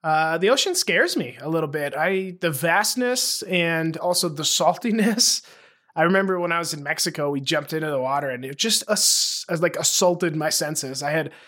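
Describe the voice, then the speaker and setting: Higher-voiced laid-back male podcast host. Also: normal speed, bright, forceful tone. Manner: laid-back, laughs easily. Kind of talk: casual chat.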